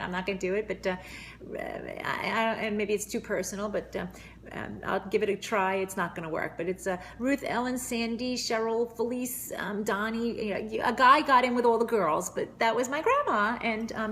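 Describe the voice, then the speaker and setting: A woman's voice: mid-range voice, a little hiss or hum. Chatty middle-aged woman, lots of ums. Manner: hesitant, many ums and restarts. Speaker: vlogger. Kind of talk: casual home vlog. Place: home kitchen. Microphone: phone camera.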